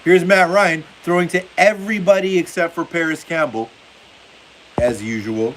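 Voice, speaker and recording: This football livestream host has a fairly high, fairly bright male voice and talks at normal speed. He chats casually, reads out comments from viewers, and laughs often, all on a low-quality recording with faint hiss.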